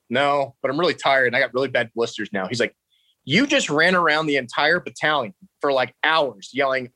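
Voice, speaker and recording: A young man, telling a story with laughs and shouted quotes of his drill instructors. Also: a little high, dry recording, low-quality recording. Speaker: interview guest. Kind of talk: casual storytelling.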